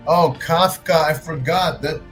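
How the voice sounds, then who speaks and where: A man's voice: on the high side, unhurried, fairly bright tone, soft background music, rough recording. Argumentative male streamer. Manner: argumentative, with frequent restarts and swearing. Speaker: livestream host. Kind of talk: casual livestream commentary.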